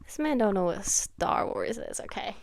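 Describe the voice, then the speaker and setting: A young woman chatting casually on her vlog, swinging from hushed asides to dramatic near-yelling. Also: medium pitch, lively intonation, moderate pace, vocal fry. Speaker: vlogger. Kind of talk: casual chat.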